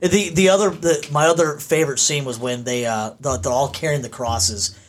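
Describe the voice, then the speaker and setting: A man's voice: medium pitch, moderate pace, a little hiss or hum. A young man chatting casually about movies, retelling scenes with acted-out quotes and frequent laughter. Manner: animated storyteller, acts out quotes, laughs a lot.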